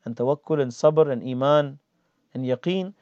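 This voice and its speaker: A man giving a casual, animated religious lesson, explaining hadith and acting out everyday complaints. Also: medium pitch, moderate pace, dry recording. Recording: dull lo-fi sound.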